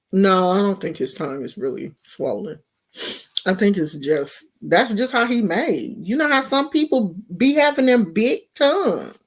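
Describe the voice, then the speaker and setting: A woman from California giving casual gossip commentary in a slangy, mocking, rambling way. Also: mid-range voice. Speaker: vlogger.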